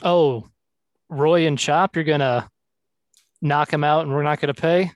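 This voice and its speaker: A man's voice: on the high side, measured pace, no echo. A man playing in a tabletop game, chatting casually and describing his character's actions. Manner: casual, slips into character lines. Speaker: player.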